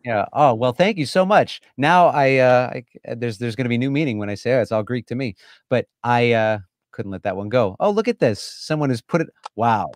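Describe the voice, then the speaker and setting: A man's voice: medium pitch, lively intonation, fairly quick, no echo, studio quality. A man hosting a live stream, chatting with a guest in an effusive, enthusiastic way. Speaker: host. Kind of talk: casual live-stream chat.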